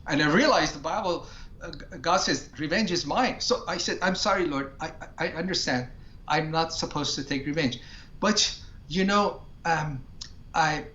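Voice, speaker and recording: A man's voice: fairly high pitch, lively intonation, moderate pace, bright, forceful tone, echoey room, highs cut off. A man from Iran, a ministry founder, tells his personal testimony in a talk show interview in an earnest way and acts out his prayers.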